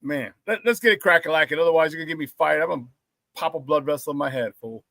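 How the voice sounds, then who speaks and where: A man's voice: a little high, fast talker, gravelly, sharp tone, dry recording. A man hosting a casual sports talk show, brash and profane, trash-talking rivals and laughing often between remarks.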